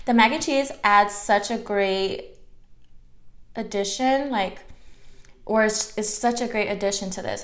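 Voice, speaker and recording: A woman in her twenties chatting casually while eating, telling a story with many "like" fillers and sometimes dropping to a soft whisper. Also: medium pitch, measured pace, long pauses. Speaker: mukbang vlogger.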